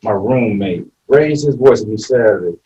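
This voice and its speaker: A man in his late fifties sharing his story in a support group, rambling and halting, swinging from hushed admissions to loud, tearful outbursts. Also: lowish voice, lively intonation, recorded from a distance, muffled recording. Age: 50s. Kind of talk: emotional personal sharing.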